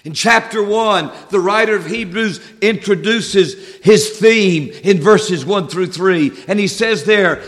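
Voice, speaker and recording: A man delivers a sermon with a high-pitched voice, measured and deliberate, drawing out key words for emphasis. His voice carries a long reverb from a church sanctuary. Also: fairly bright tone. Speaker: pastor.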